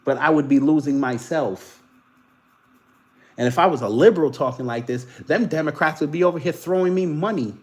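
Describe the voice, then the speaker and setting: A man's voice: a little high, brisk. Sarcastic Caribbean-born commentary man. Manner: animated, sarcastic, mocking, swings between loud and muttered asides. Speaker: political commentary host. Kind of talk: casual commentary reading posts aloud.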